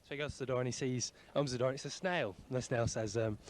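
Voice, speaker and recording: A man stopped on the street, telling a joke in a halting, hesitant way. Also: mid-range voice.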